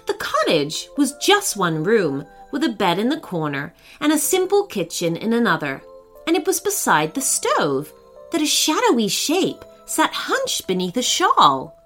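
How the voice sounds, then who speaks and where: A woman narrating a children's story in a gentle, expressive reading voice. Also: a little high, unhurried, soft background music.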